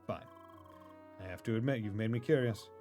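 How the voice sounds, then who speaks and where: A man's voice: on the low side, brisk, dark tone, faint music behind, close to an everyday voice. Man reading a dry, skeptical man.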